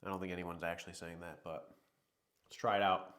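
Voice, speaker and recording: A man with a low voice, hosting a casual livestream while a little under the weather. He rambles in an easygoing way and talks straight to his chat. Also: little pitch movement, fairly quick, fairly bright tone. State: sick. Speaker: livestream host.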